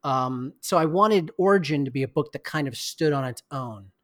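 Male podcast guest, slightly high voice, candid and reflective. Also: moderate pace, no room sound, studio quality. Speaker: game designer guest. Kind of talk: casual interview talk.

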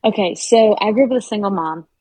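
A woman's voice: mid-range voice, quick pace, dark tone, slightly rough, no room sound, poor audio. A woman who is a guest on a podcast interview and talks in an earnest, encouraging way, giving advice from her own life. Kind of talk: conversational interview.

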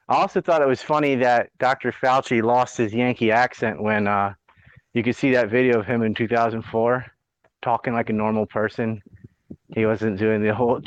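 A man's voice: mid-range voice, fairly even intonation, moderate pace, smooth, no echo. Man ranting bluntly on dull, dry audio. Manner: blunt, profane, sarcastic ranting. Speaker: podcast host. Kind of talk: casual political chat.

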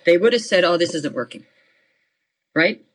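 A woman's voice: lowish voice, big pitch swings, normal speed, slight background noise, poor audio. A middle-aged woman business coach, a podcast guest, talking in an emphatic, matter-of-fact way in short, punchy commands. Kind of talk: motivational interview talk.

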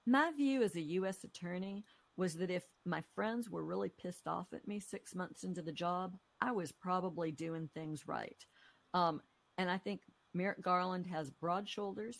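Middle-aged woman, ex-prosecutor guest, low and gravelly, measured and teacherly. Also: no echo. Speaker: former U.S. attorney, guest. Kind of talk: interview conversation.

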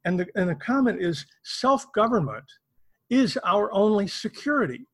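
Husky high-voiced male co-host. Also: sing-song. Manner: thoughtful and halting, repeating words as he builds a question. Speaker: podcast co-host. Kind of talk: interview questioning.

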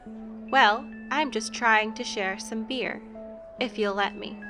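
A woman's voice: a little high, slow, over music. A woman voicing a guarded, inhuman woman who poses as a witch, speaking blunt and clipped.

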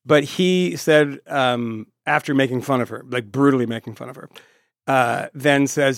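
Brief: male podcast co-host, mid pitch, dry close mic, laughs often, incredulous. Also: normal speed, dry recording. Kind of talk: casual chat.

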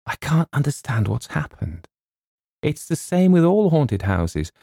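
A man's voice: on the high side, sing-song, unhurried, gravelly, warm tone, dry recording, studio quality, pitched above the performer's own voice, full character voice. A man doing a fretful young bachelor writer. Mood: earnest.

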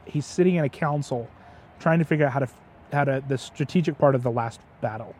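A man's voice: medium pitch, fast talker, a little mellow, a little hiss or hum. A man chatting as his father's guest, retelling a story with passion and often stumbling over repeated words. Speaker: guest, host's son. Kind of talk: casual storytelling chat.

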